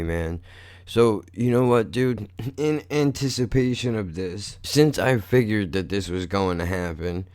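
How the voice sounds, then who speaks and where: A man's voice: on the low side, clean tone, no echo, clean studio sound. A man hosting his own podcast in a blunt, profane, rambling monologue. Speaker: podcast host. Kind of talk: casual monologue.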